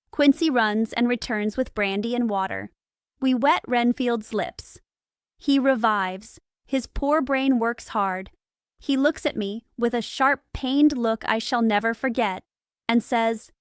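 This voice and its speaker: A woman narrating an audiobook for English learners in a calm, careful, evenly paced reading. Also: a little high, a little slow, clean tone, no echo, studio quality.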